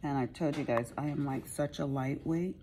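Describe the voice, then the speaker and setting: A woman's voice: low-pitched, normal speed, mellow, a little hiss or hum. A woman chatting casually while she crafts, rambling and poking fun at herself. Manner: rambling, chatty, self-mocking. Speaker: craft vlogger.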